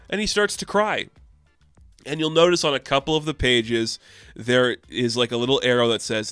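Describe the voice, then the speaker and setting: A man reviewing a comic book in a casual vlog, excited and rambling, with frequent swearing. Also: mid-range voice, moderate pace, clean tone, dry recording.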